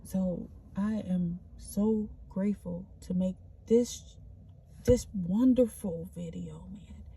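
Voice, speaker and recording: Speaking slowly in a medium-pitched, dark-toned voice with vocal fry and a breathy edge, a woman vlogs an earnest spiritual pep talk. She calls the listener honey, repeats herself, and restarts loosely in a spontaneous motivational monologue.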